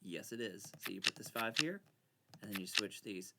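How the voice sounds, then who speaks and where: A channel host plays solitaire at a normal speed, offering casual commentary in an excitable way as he bickers with himself and pretends to be scared. His gravelly voice moves through a wide range of pitch, and a constant bed of noise runs under the recording.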